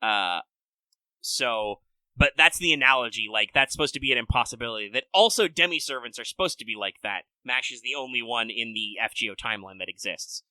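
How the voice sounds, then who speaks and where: A man's voice: medium pitch, lively intonation, fairly quick, bright, forceful tone, no echo. A man co-hosting a podcast, explaining things in a loose, rambling way with lots of "like" and casual swearing. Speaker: podcast co-host. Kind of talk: casual chat.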